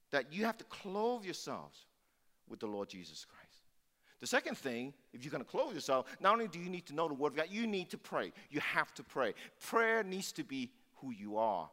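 A man's voice: a little high, sharp tone. A male pastor giving a sermon, preaching emphatically and repeating phrases for force. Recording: long hall reverb.

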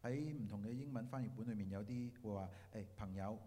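A man with a low, dark, mellow voice interprets a sermon into Cantonese at a rapid clip, stumbling now and then over fillers. A long hall reverb trails behind his words. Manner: quick and halting, with fillers.

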